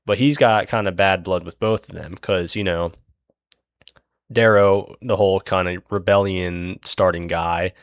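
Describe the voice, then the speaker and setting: A young man with a lowish, gravelly voice recaps a story in loose, meandering talk, swearing freely and leaning on fillers. The sound is dry and close, with no room around it. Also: no room sound. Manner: rambling, profane, many fillers. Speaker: book recap host. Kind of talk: casual plot retelling.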